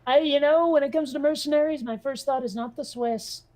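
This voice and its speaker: A wry woman co-host chatting casually and reading aloud from a web page. She laughs easily and swears offhandedly, her voice sitting a little high for a woman. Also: brisk, darkish tone. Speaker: podcast co-host.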